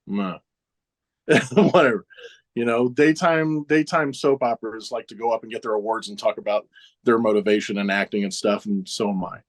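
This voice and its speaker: A man's voice: lowish voice, normal speed. A man in his forties, a professional wrestler guest, casually telling backstage stories in an interview, chuckling often and acting out other people's lines.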